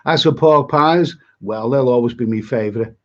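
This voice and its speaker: A man's voice: mid-range voice, normal speed, dull audio. A man hosting a live stream, chatting to viewers in a rambling way, often repeating himself and restarting his words. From Britain. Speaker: travel vlogger hosting a live chat. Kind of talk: live-stream chat, reading viewer comments.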